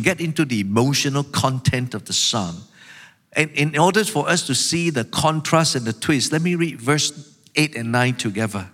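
A man's voice: mid-range voice, fairly bright tone. A man preaching a sermon as pastor, voicing the psalmist's complaints with emphatic, rising intensity. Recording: long hall reverb.

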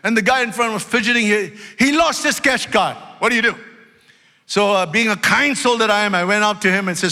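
Brief: male pastor, high bright voice, emphatic sermon, big reverberant church hall. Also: brisk. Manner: emphatic, loud, swings between shouting and low storytelling asides. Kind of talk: preaching a sermon. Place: church sanctuary. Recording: long reverb of a large hall.

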